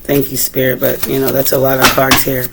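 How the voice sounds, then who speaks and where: A woman with a Boston accent giving a casual tarot reading, chatting freely and asking the cards questions aloud, often clearing her throat. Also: a bass voice, completely flat delivery, a little fast, very noisy. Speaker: tarot reader.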